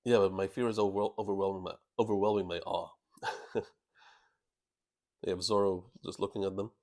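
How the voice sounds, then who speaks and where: A man reacting live to a comic chapter, excitable and quick to laugh, often stumbling and restarting words as he comments. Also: low voice. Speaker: channel host reacting to a manga chapter.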